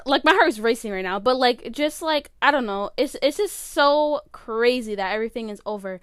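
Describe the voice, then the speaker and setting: A teenage girl hosts her own podcast from her bedroom, her voice high, smooth and clear. She rambles with plenty of fillers and lets her feelings show. The sound is dry and close, with no room echo. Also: lively intonation, normal speed, fairly bright tone. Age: late teens. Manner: rambling, filler-heavy, emotional. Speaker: podcast host. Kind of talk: casual solo podcast chat.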